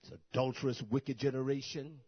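A man preaching a sermon, who swings from soft, murmured asides to loud, shouted bursts. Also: medium pitch, flat delivery, fairly quick, husky, muffled recording.

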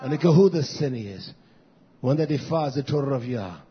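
A man preaching a fiery sermon, swinging from shouts to low mutters. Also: animated, brisk, highs cut off.

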